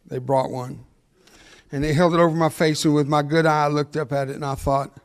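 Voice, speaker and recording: An older man, giving a motivational speech that mixes jokes with storytelling and talks fast. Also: fairly high pitch, clear, resonant tone, long reverb tail. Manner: energetic, joking, fast-talking. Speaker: motivational speaker. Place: large hall before an audience.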